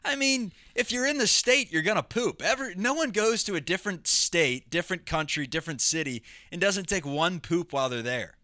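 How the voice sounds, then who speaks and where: A young man tells jokey stories in a deadpan way on a casual podcast. His voice sits a bit high and sounds bright and crisp, close to a dry mic. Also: brisk, few pauses, dry recording. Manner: deadpan, storytelling with silly put-on voices. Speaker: podcast co-host. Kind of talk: casual comedic chat.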